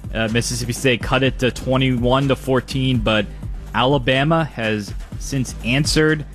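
A man's voice: medium pitch, steady tone, measured pace, a bit bright, soft background music. New York–accented scores update man. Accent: New York–New Jersey. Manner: loose, ad-libbed, hesitant delivery.

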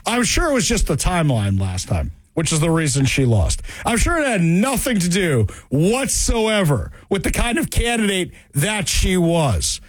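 Sarcastic, animated talk radio host. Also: male voice, sits high, normal speed, few pauses, dry recording. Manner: sarcastic and mocking, exclaiming. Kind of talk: political talk radio commentary.

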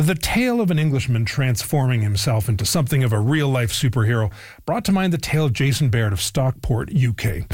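A man's voice: mid-range voice, a little mellow, no room sound, studio quality. Wry male radio host narrating. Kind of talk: scripted narration.

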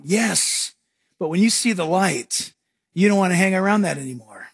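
A man preaching a sermon as pastor, animated and acting out scenes for his congregation. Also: high-pitched, moderate pace, vocal fry, husky, dry recording, clean studio sound.

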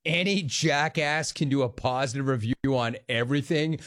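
Here a man with a slightly high voice hosts a call-in radio program at a moderate pace, fielding callers with playful jokes and sing-song riffing.

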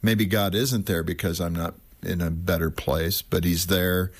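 A man hosting an interview, asking relaxed, probing questions of his guests. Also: deep voice, unhurried, husky. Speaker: interview host. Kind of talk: radio-style interview.

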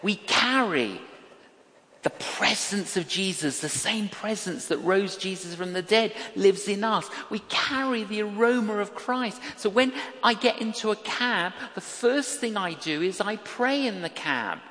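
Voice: mid-range voice, lively intonation, a little slow, bright, forceful tone. An older preacher giving a sermon, telling stories in an emphatic way and acting out the dialogue. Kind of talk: sermon with storytelling. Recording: long hall reverb.

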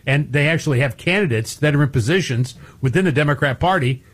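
A man's voice: fairly high pitch, fast. A man co-hosting a talk show, giving blunt, emphatic opinions with folksy turns of phrase. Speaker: co-host. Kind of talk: opinionated talk radio chat.

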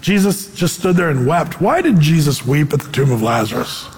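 A man preaching a sermon with an animated delivery that slips into quoted voices. His voice sits high for a man. A long hall reverb trails behind every phrase. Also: moderate pace. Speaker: pastor.

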